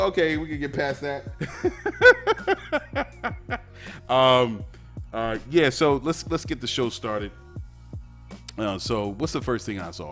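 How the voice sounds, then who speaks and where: Chatty man hosting a radio show, low voice. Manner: chatty, joking, rambling with fillers and restarts; breaks into silly mock-French voices. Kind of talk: casual podcast monologue.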